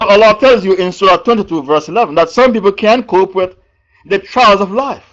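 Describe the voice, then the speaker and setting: A man preaching an evening religious lesson, slow and deliberate, repeating key phrases and putting questions to his audience. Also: high voice, fairly bright tone, highs cut off. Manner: repeats verse numbers and key phrases for emphasis. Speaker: Islamic preacher teaching Quran commentary.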